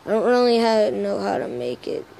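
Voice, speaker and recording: A woman's voice: mid-range voice, normal speed, vocal fry, warm tone, slight background noise, rough recording. A young woman vlogging casually, rambling and joking at her own expense. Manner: rambling, self-deprecating, swears casually. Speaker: YouTuber. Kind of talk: casual vlog chat.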